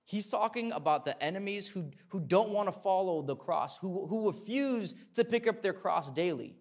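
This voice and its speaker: A young man with a high, animated voice preaches at normal speed, chatty rather than formal. He restarts and repeats himself, says "like" and "right?", and rises to fervent emphasis.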